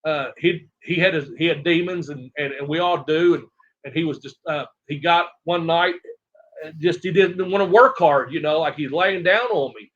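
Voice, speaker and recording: A middle-aged man from Tennessee, a retired wrestler telling rambling, animated stories as an interview guest and acting out other people's lines. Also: on the high side, moderate pace. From Tennessee, USA. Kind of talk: casual storytelling interview. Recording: dull lo-fi audio.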